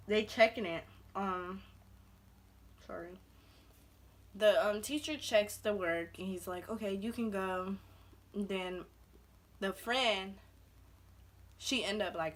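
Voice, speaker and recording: A woman's voice: mid-range voice, a bit bright. A young adult woman from Belize, a vlogger telling a casual storytime, chatty and full of "like", acting out the quotes. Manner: chatty, heavy use of "like", acts out quotes.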